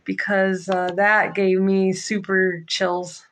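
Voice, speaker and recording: A woman giving a live psychic tarot reading, halting and emotional, close to tears, with many fillers. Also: medium pitch, level tone, a bit bright, a little hiss or hum, poor audio. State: near tears. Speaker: psychic reader.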